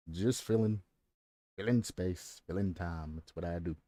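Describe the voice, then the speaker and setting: A low-pitched man rants to his stream audience in a loose, profane way, circling back over the same point again and again. His voice is dark and mellow, recorded close and dry with no room sound. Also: a little slow, no echo. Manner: profane, ranting, repeats himself. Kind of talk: casual ranting stream commentary.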